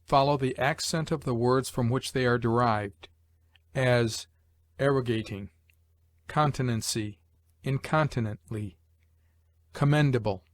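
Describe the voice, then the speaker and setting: A man reading English pronunciation rules aloud in a measured, list-like way, slowing on each example word. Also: a little high, no echo. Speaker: English lesson narrator.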